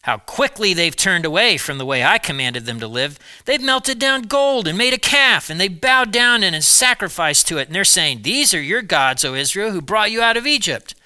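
A man's voice: sits high, very animated, normal speed, few pauses, sharp tone, clean tone, no echo, voice pushed up, heavily acted. A man preaching, voicing an angry, commanding God in a Bible retelling with urgent delivery.

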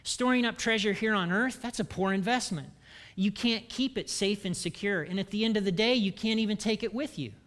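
A man giving a church sermon as pastor, animated and humorous, with self-deprecating asides. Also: high voice, fairly quick.

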